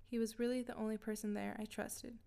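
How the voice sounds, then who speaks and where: A woman reading a scripted first-person story in a steady, even way. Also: a little high, fairly quick, gravelly. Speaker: narrator.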